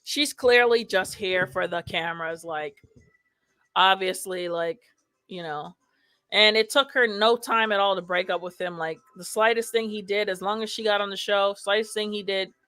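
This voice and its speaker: A woman's voice: medium pitch, fairly even intonation, normal speed, bright, forceful tone, no echo. A woman hosting a casual live show, reading viewer comments aloud and chatting loosely with many fillers. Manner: chatty, lots of fillers like "like" and "you know". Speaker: host.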